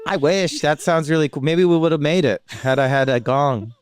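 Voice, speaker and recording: A man's voice: fairly high pitch, crowd noise. A man from Canada, a comedian and former radio host, telling stories in a casual, rambling, self-mocking way. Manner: chatty, rambling, self-mocking, quick restarts. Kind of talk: casual interview storytelling.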